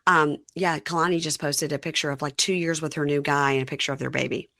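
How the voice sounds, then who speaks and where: Bright-voiced woman dishing a TV recap. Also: sits low, steady tone, fast talker, dry recording, clean studio sound. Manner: acts out reality TV quotes with big voice swings. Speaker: podcast host. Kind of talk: casual recap chat.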